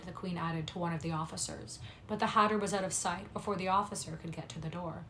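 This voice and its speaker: Quick-reading woman with a lowish voice. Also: fairly even intonation, a little hiss or hum, poor audio. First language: English. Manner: quick reader, soft apologetic asides. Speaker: livestream reader. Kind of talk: reading a classic novel aloud, chatting with viewers.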